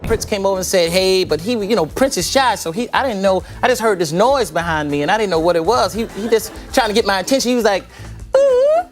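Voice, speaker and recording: Type: animated man telling stories. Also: high-pitched, quick pace, few pauses, over music. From Georgia, USA. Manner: animated storyteller, shifts into voices, laughs easily. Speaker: comedian guest.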